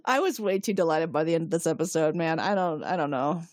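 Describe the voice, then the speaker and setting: A woman's voice: deep voice, fast, no room sound, studio quality. A woman co-hosting a podcast who recaps a TV episode in a casual way. She laughs a lot and swears freely. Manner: animated, laughs often, profane. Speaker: podcast co-host.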